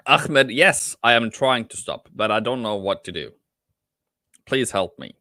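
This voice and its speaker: A man's voice: medium pitch, expressive, measured pace, pushed and bright, no echo. A man working as a trading mentor, giving casual live-stream market commentary in a rambling, self-mocking, jokey way.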